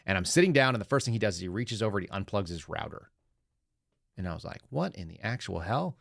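Dry, animated podcast host, a man. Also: fairly low pitch, fast talker, no echo. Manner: animated storytelling, acts out both sides. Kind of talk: casual commentary.

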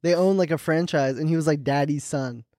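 A young man with a notably high voice, co-hosting a comedy podcast and telling animated stories. He swears freely and slips into the voices of the people he quotes. The sound is close and dry, with no room around it. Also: a little fast, dry recording. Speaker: podcast co-host. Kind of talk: casual comedic chat.

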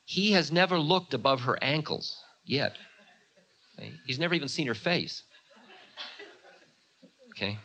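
A man's voice: fairly high pitch, lively intonation, measured pace, pauses often, sharp tone, a little hiss or hum. A man from the United States telling an old story in a chatty way, full of asides. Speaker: spiritual teacher. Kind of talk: storytelling talk.

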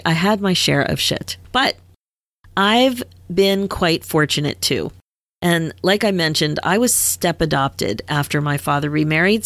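Woman in her 50s, podcast host, lowish gravelly voice, chatty and candid, dry close mic. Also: no room sound. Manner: candid, conversational, laughs often. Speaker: podcast host and midlife coach. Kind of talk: personal storytelling monologue.

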